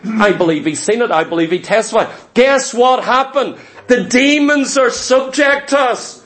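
A pastor with a notably high-pitched male voice delivers a sermon. He preaches emphatically, pressing his listeners with rhetorical questions. He often repeats a word or two as he launches into a phrase. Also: moderate pace, fairly bright tone. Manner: repeats words when starting phrases.

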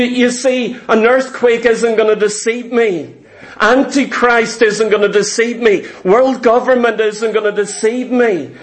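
A man preaching a sermon, emphatic and deliberate, repeating phrases for stress. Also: extremely high pitch, poor audio. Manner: slow, deliberate delivery.

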